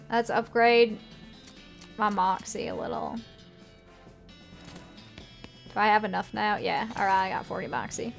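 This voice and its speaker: A woman's voice: a little high, sharp tone. Woman in a put-on Southern accent playing a game. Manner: playful, chatty, laughs at the game. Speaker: streamer. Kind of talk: let's-play commentary, reading game text aloud.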